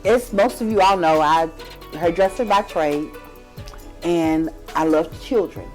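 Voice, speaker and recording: An older woman, chatting with her granddaughter and telling family stories with animated, acted-out voices. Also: fairly low pitch, a little slow, soft background music. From Kentucky. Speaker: grandmother of the host. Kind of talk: casual storytelling chat.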